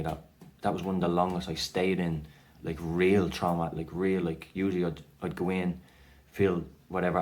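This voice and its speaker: A man's voice: sits low, a little mellow. An Irish man telling a personal story casually to camera, rambling with lots of fillers and restarts. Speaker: vlogger sharing his anxiety story.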